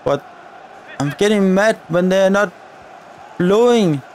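High-voiced man narrating a football game. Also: slow, darkish tone, a little hiss or hum. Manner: chatty, complaining at the referee and players. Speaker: gaming video creator. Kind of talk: live football-game commentary.

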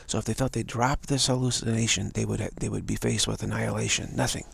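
A man giving a live spiritual talk, halting and repeating words as he tells a story and acts out the voices in it. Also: fairly low pitch, fairly even intonation, gravelly, husky, no room sound. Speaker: spiritual teacher.

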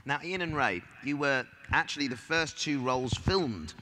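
A man's voice: mid-range voice, animated, normal speed, bright, forceful tone, slight background noise. A man hosting a live panel, prompting guests with conversational questions. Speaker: host. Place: live event stage.

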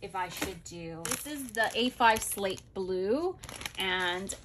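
A planner vlogger chats casually through a product haul, gushing over planners as she shows them off and thinking aloud as she goes. She speaks slowly in a mid-range voice with lively intonation, and background noise can be heard.

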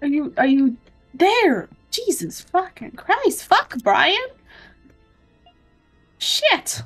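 A woman streaming a video game, reacting loudly and excitably, swearing freely and calling out "bro" while game music plays behind her. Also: very high voice, very slow. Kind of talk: gameplay commentary.

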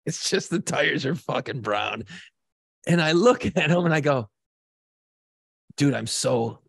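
A man's voice: medium pitch, creaky, dry recording, clean studio sound. A middle-aged man from New Orleans telling a long story on a podcast, swearing freely and acting out the voices in it. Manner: profane, animated storyteller. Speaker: podcast co-host. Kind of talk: casual storytelling.

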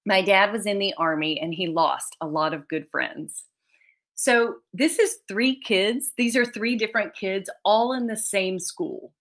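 A woman's voice: mid-range voice, measured pace, fairly bright tone. A woman children's author giving a conference talk over a video call, reading readers' letters, tearful and laughing often.

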